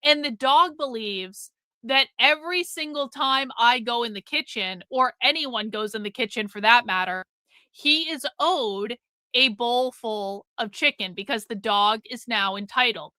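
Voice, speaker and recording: High, bright-voiced woman telling a profane story. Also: measured pace, no echo. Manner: animated, jumps between loud and quiet. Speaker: live-stream host. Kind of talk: casual chat to a live audience.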